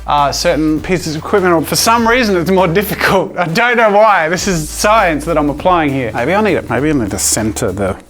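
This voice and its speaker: Worn out from drawing with a long pole, an adult man running a comedic art challenge on YouTube jokes with viewers in a self-deprecating way, now and then letting out excited shouts. He talks on the high side and a little fast, with faint background music.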